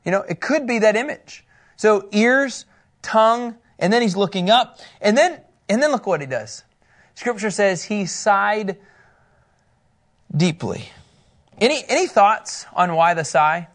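A man's voice: sits high, fairly bright tone. Playful man teaching scripture. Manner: playful, laughs often, quick asides. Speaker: pastor teaching a Bible study. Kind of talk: casual sermon to a live group.

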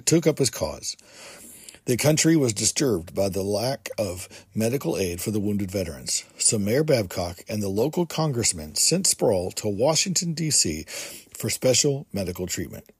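A man's voice: fairly low pitch, slightly rough, no room sound. A man hosting a podcast, reading from a book aloud in an earnest way and adding his own comments, with small restarts. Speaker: podcast host.

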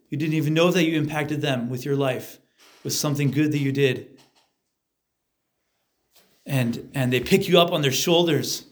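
Male preacher, mid-pitch, casual and vivid, guiding a spoken meditation. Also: a little mellow. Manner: conversational, vivid storytelling, acts out crowd chants and voices. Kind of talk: guided meditation talk.

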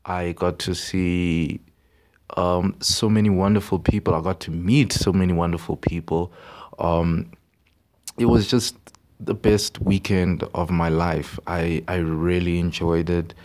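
Young guy, podcast host, very low voice, rambling and excitable. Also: a little slow. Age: young adult. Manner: rambling, excitable, repeats words. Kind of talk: casual podcast monologue.

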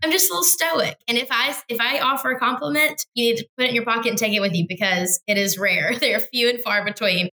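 A woman's voice: a little high, fast talker, few pauses, pushed and bright, rough recording. A woman co-hosting a podcast in casual political chat, wry and joking, with laughs between her points. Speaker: podcast co-host.

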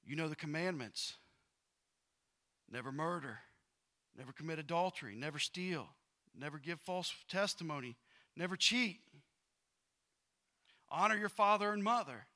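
A male pastor preaching a sermon. He reads scripture aloud, uses casual slang and repeats himself, and swings from loud bursts to quiet asides. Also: on the high side, lively intonation, a little slow, pauses often.

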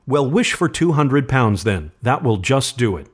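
A man's voice: medium pitch, big pitch swings, moderate pace, slightly rough. Brief: man voicing playful grown son, storybook, teasing lilt. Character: cheeky, joking young son. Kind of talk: storybook reading.

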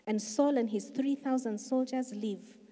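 A woman's voice: on the high side, fairly even intonation, unhurried. A woman pastor preaching a sermon, telling the story with emphatic, swelling delivery. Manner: emphatic storytelling, swelling louder for key points. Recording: long reverb of a large hall.

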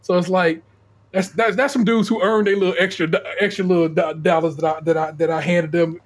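A man with a husky, rather high voice tells an animated story on a casual podcast. He swears freely and trips over his own words, restarting phrases as he goes. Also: fairly quick. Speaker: podcast co-host. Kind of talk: casual chat.

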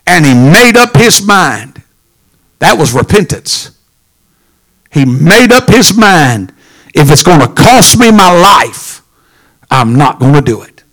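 Preacher man with a soaring pitch. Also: sing-song, slow, long pauses. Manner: preaching with big swings from low murmurs to shouts. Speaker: pastor. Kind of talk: sermon.

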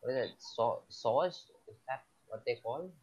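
A man's voice: mid-range voice, animated, measured pace, darkish tone, slightly rough, muffled recording. A man chatting casually, hesitant and searching for words with many fillers. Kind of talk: casual chat.

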